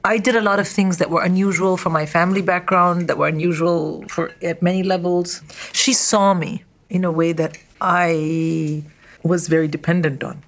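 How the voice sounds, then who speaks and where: A woman talks candidly as a comedian guest over a lunch interview. Her voice sits on the low side for a woman, and she tells stories bluntly, with lively quick asides. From India. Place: at a restaurant table over lunch.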